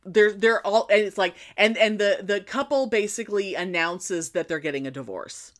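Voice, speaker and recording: A woman retelling a film in casual chat, animated and rambling, often restarting her sentences. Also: medium pitch, moderate pace.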